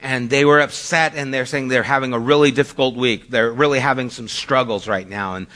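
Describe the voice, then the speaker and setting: A mid-range, fairly bright male voice with fairly even intonation moves fairly quickly. It belongs to a middle-aged pastor preaching a sermon in a conversational, storytelling way, full of self-deprecating asides.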